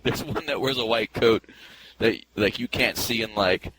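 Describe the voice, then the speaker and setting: A man's voice: on the low side, normal speed, background noise. A man hosting a casual podcast, joking around and reading listener letters aloud. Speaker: podcast host.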